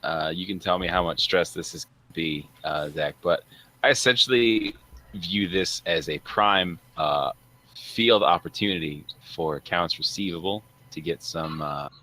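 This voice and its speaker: A man taking part in a tabletop role-playing game, with a very low voice that has a sharp, bright edge. He describes his moves eagerly, pausing on lots of "uh"s. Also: rough recording. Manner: eager, hesitant with many "uh"s. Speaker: player. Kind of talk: tabletop role-play chat.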